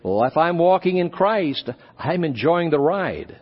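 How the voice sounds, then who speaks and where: A male pastor preaching a sermon, animated, acting out little dialogues as he goes. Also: fairly high pitch, unhurried. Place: church conference hall. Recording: dull live recording in a reverberant hall.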